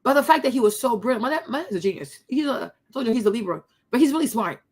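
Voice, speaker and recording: A woman's voice: on the high side, expressive, fast, a little mellow, breathy edge. A young woman from the Ivory Coast who hosts her own channel. She tells a story to her viewers in a casual way, calls them y'all and keeps asking "right?". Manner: chatty, addresses viewers as y'all, many tag questions. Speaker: host.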